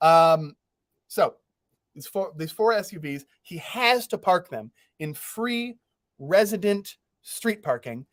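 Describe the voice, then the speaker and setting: Animated storytelling man, dry close sound. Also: sits high, slow, no room sound. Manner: animated, laughs through his stories, swears freely. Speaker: podcast host. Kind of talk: casual storytelling chat.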